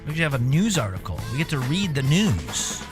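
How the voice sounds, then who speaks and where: A man's voice: mid-range voice, huge pitch swings, normal speed, over music. A young man streaming casually, reading a news article aloud with rambling, jokey asides.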